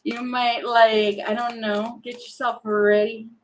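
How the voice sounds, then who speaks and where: Slow-talking woman reading tarot cards. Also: a little high, little pitch movement, slight background noise, rough recording. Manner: chatty, thinking aloud, sings snatches, laughs often. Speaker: tarot reader.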